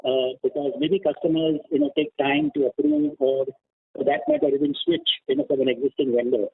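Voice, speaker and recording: A man with a higher, animated voice questions company management as an analyst, leaning on fillers as he talks. His voice is gravelly and husky. He comes through a tinny, dry phone line. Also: fairly quick, dry recording. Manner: lively, filler-heavy questioning. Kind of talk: earnings call questions.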